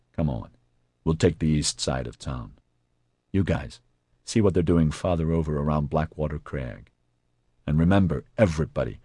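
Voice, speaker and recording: A man as a calm male squad leader. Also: a bass voice, no room sound, studio quality. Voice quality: calm, measured.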